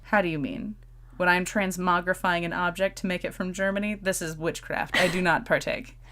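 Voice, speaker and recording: Woman, podcast co-host, casual chat, playful, lowish voice. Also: fairly even intonation, a little fast, fairly bright tone. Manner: chatty and playful, laughs often.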